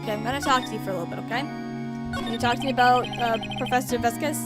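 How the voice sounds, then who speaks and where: A woman's voice: on the high side, steady tone, fast talker, over loud music. Chatty woman reading game lines. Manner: casual, chatty, reads lines with voices. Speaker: streamer. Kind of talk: reading game dialogue aloud.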